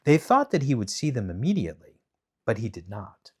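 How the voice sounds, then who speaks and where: A man reading a children's bedtime story aloud, animated and dramatic in his delivery. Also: mid-range voice, brisk, husky.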